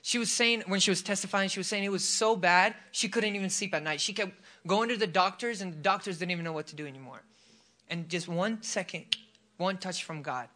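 High-voiced man preaching a fervent sermon. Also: brisk, bright, forceful tone. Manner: fervent, storytelling with casual fillers. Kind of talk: sermon with testimony. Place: church service.

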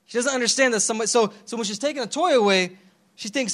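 Young man, pastor, high voice, slangy casual sermon, animated, calls out to congregation. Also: brisk.

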